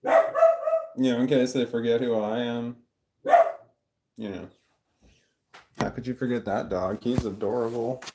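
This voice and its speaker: A man's voice: medium pitch, wildly swooping pitch, measured pace, long pauses, very noisy. A man chatting casually on a home live stream with a phone at arm's length, rambling and joking at his own expense. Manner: rambling, self-mocking, jokey. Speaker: YouTuber chatting with a live chat. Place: at home, indoor room. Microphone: phone held at arm's length. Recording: home phone audio with dog barking. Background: dog barking.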